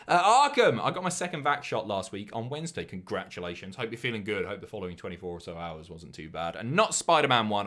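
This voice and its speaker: A young man with a Southern English accent chats casually on a live stream, reading out viewer messages. He swears freely and throws in jokey asides. His voice swings widely up and down in pitch. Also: very animated, fairly quick, a bit bright.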